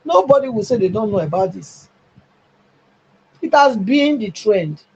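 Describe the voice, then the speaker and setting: A husky-voiced middle-aged Nigerian woman giving call-in commentary on a live stream. She talks emphatically, pushing up toward near-shouting. The audio comes through slightly dull and lo-fi. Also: medium pitch, expressive, measured pace.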